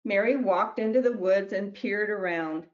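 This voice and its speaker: Author lady reading her kids' book out loud, gentle and plain, slightly muffled lo-fi audio. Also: medium pitch, normal speed. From New Mexico, US. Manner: gentle storybook narration with small slips.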